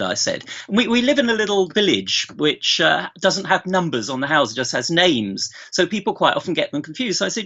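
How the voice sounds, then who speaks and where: A middle-aged man tells long family anecdotes, circling back and restarting his sentences as he goes. His voice has a gravelly edge and a bright, forward tone. He comes through a dull, lo-fi remote connection. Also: fairly high pitch, sing-song, fairly quick, hardly any pauses. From England. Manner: rambling anecdotal storyteller, frequent restarts. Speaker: guest, bereaved father. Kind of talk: remote podcast interview.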